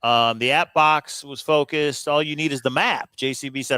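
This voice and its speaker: Male co-host with a bright tone, dry close-mic sound, offhand and wry, casual chat delivery. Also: mid-range voice, fairly even intonation, moderate pace, clear, resonant tone, dry recording. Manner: wry, offhand, jokey asides.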